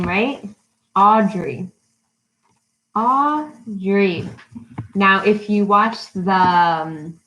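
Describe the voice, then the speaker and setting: A woman leads a live storytime lesson for children. She talks slowly and deliberately, in an easy mid-range voice. She greets each viewer by name and asks simple questions meant for young learners. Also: mid-range voice, a little hiss or hum, rough recording. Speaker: English teacher for children. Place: her home in a city.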